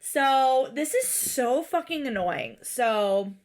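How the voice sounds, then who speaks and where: A woman's voice: sits high, animated, slow. Exasperated woman ranting on a podcast. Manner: exasperated, swears often, mimics people in quotes. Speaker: podcast co-host. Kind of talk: casual recap chat.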